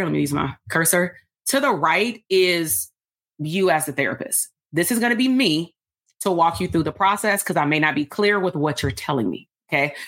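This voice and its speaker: An animated woman coaching a live workshop. Her voice sits a little low, and she jumps into a higher register as she plays both sides of a conversation. She sounds excited and fired up. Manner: animated and excited, acts out both sides of a dialogue with rising pitch. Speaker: business coach and podcast host. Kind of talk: live workshop coaching, then podcast outro.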